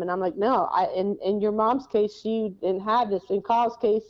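A woman's voice: medium pitch, fairly even intonation, fairly quick. Candid woman host, dull lo-fi sound. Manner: candid, swears, encouraging. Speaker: podcast host. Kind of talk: casual conversation.

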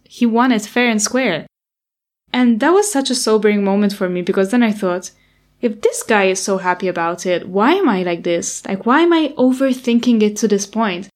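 A young woman telling a candid personal story about a hard time, in an anxious, open and honest tone. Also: on the high side. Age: young adult. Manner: candid, anxious retelling of past worries.

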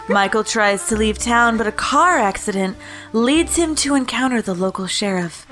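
A woman's voice: a little high, lively intonation, moderate pace, fairly bright tone, faint music behind. A woman co-hosting a movie podcast, recapping a plot and chatting playfully, laughing often. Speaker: podcast co-host. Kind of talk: casual movie-review chat and plot recap.

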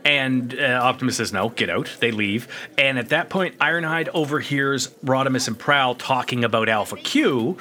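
A man's voice: medium pitch, moderate pace, pushed and bright. A man co-hosting a podcast, recapping a cartoon episode in casual chat, joking, laughing often and acting out quotes. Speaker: podcast co-host.

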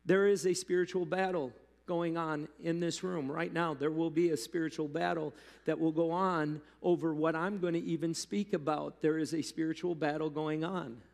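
A man preaching a sermon as pastor, talking to the congregation in a loose, animated way with asides. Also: on the high side, normal speed, creaky, hardly any pauses. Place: church hall. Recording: long hall reverb.

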